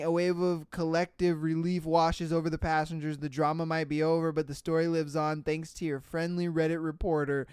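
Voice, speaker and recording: A podcast host reading out reddit stories and reacting with loud exclamations, swearing and frequent laughter, into a close mic. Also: medium pitch, clean tone, dry recording. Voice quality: profane, exclamatory, laughs often.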